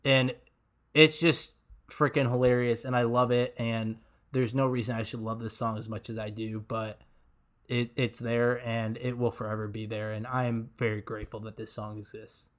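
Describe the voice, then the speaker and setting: A man's voice: medium pitch, little pitch movement, moderate pace. A man co-hosting a podcast, chatting casually about song lyrics with lots of laughter, ums and restarts. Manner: enthusiastic, laughs often, many ums and restarts. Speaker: podcast co-host.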